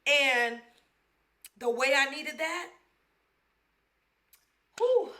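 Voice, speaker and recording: Young Bronx woman, podcast storyteller; slow, heartfelt, slangy, with a high voice. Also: pushed and bright. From the Bronx, New York. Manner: candid, emotional, slangy, addresses listeners as y'all. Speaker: podcast host telling her life story. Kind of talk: personal storytelling monologue.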